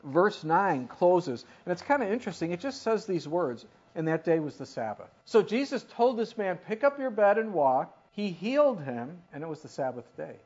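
A preacher giving a sermon in an animated way, often putting questions to the listeners. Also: mid-range voice, moderate pace, few pauses, slightly rough. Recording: dull lo-fi recording.

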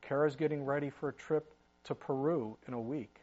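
A man's voice: medium pitch, a little fast, dark tone, muffled recording. A middle-aged man preaching a sermon in a conversational way, with asides and sudden emphatic rises. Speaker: pastor.

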